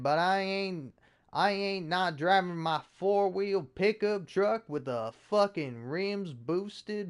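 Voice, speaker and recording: A man doing a proudly ignorant Southern redneck who brags and curses with crude swagger. The voice sits a little high and sounds smooth and clear.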